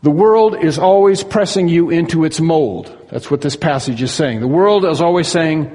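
Male preacher, somewhat high voice, earnest teaching sermon, long hall reverb. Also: a little mellow. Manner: earnest expository preaching, stretches key words slowly.

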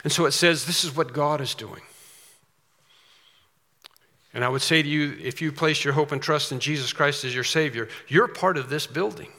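A man's voice: on the high side, a little fast, pushed and bright. A man preaching a sermon as pastor, emphatic, with rhetorical questions and repeated phrases. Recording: long reverb of a large hall.

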